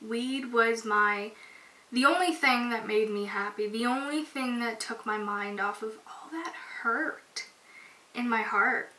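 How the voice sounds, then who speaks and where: This young podcast host has a highish voice with a sharp tone and speaks slowly. She opens up emotionally in a casual, candid monologue, using "like" a lot. There's roomy echo from a distant mic, plus a faint hiss.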